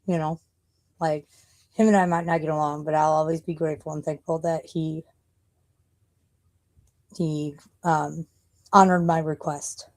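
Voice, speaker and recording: A woman's voice: sits low, level tone, measured pace, long pauses, a little mellow. A woman live streamer chatting casually and rambling, blunt and profane, often laughing.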